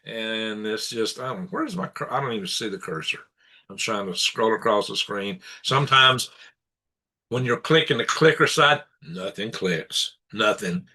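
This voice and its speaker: Bright-voiced man ranting on a live stream. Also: on the low side, expressive, normal speed. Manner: aggravated, rambling rant with chuckles. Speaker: live-stream show host. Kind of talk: casual live-stream commentary. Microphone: computer setup for live broadcast.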